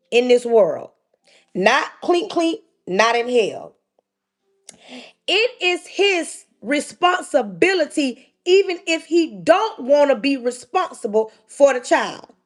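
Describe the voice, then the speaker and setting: A woman hosting a livestream, giving an emphatic, preachy motivational talk and calling out straight to her listeners. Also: a little high. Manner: emphatic, repetitive, calls out to listeners directly. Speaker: livestream host.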